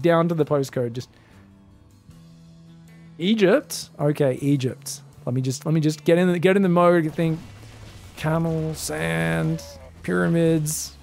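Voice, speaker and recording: An Australian man casting a live strategy game, chatting and joking with his viewers between plays and bursting into excited shouts. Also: a little high, creaky. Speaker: esports caster. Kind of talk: live game commentary and chat banter.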